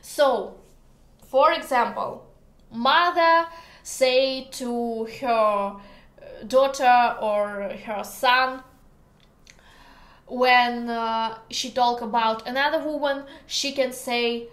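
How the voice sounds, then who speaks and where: A woman with a Russian accent teaches a beginner lesson, saying each word slowly and repeating it. Her voice sits high, and she breaks the drills with light, playful remarks. The room gives her voice a noticeable echo. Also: fairly bright tone. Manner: slow, careful pronunciation drills with playful asides.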